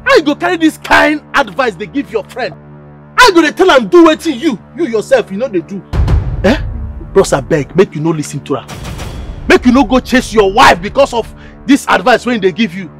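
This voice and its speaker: A man's voice: very high-pitched, big pitch swings, normal speed, a bit bright, soft background music, heavily acted. An actor with a Nigerian accent playing a meddling male hawker who lectures a friend, preachy and insistent. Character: meddling male hawker who warns against bad advice. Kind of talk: Nigerian Pidgin skit acting.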